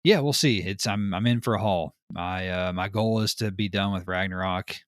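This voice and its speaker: Animated, low-voiced male podcast host. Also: normal speed, dry recording, clean studio sound. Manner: animated storyteller, frequent fillers. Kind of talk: casual chat.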